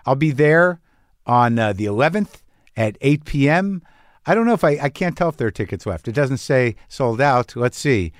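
A middle-aged man hosting a podcast, in a rambling, wry monologue with halting restarts. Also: medium pitch, very animated, no echo, clean studio sound. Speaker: podcast host. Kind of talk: casual monologue.

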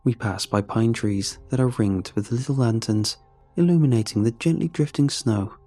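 A man's voice: medium pitch, moderate pace, warm tone. A man narrating a first-person adventure story in a wry, conversational way, speaking the lead's lines himself.

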